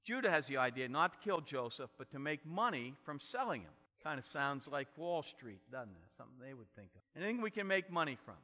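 A man's voice: on the high side, very animated, fairly quick, hardly any pauses, bright, forceful tone. A man preaching an expository sermon and telling the story with dramatic emphasis. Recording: long hall reverb.

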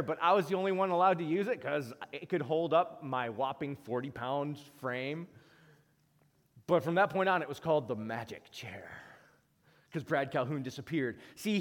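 A man preaching a sermon, telling stories and moving between emphatic peaks and quiet asides. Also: on the high side. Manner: storytelling, rising to emphatic peaks then dropping quiet. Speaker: pastor. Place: church. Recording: long reverb of a church hall.

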